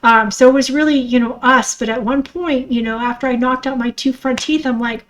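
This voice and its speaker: A woman's voice: a little high, fairly even intonation, a little fast, hardly any pauses, rough recording. A middle-aged woman hosting a podcast, talking in a raw, emotional personal monologue, swearing freely and acting out her own thoughts, with a stuffy nose. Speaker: podcast host.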